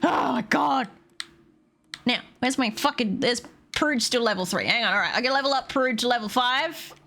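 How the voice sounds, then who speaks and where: A woman's voice: on the high side, expressive, moderate pace, gravelly, sharp tone. A young woman streaming a game, grumbling aloud with sarcastic, heavily sworn commentary. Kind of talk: casual gameplay commentary.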